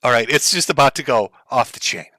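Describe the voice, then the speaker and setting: A man's voice: medium pitch, animated, brisk, bright, forceful tone, dry recording. A middle-aged man giving sarcastic, mocking commentary on a live stream for his chat.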